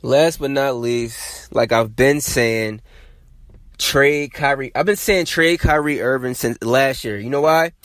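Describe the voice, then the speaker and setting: A man hosting a sports podcast, talking in a casual, animated and emphatic way, often repeating himself. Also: medium pitch, slow pace, dry recording. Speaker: podcast host.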